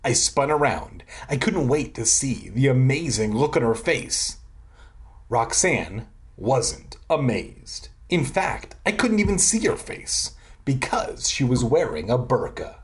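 Brief: young male host, comedic spooky read-aloud, lively swooping delivery, crude asides. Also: mid-range voice, slow pace. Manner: sardonic, profane ad-libs. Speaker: host reading children's horror books aloud.

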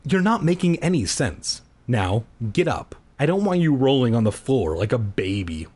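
A man voicing a stern, exasperated middle-aged mother who scolds in a low, steady voice. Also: moderate pace.

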